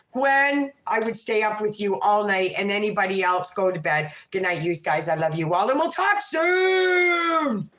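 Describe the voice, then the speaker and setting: Casual woman host on a late-night stream, swears a lot, rambles and gossips, mid-pitched voice bouncing around an echoey room. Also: fairly bright tone. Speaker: livestream host. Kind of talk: late-night livestream chat.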